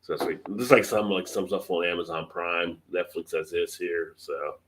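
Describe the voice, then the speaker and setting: A middle-aged man with a low voice chatting on a live stream, telling animated stories and laughing often. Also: normal speed, background noise. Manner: laughs often, animated storytelling with put-on quotes. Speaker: beer channel live stream co-host. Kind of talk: casual live-stream chat.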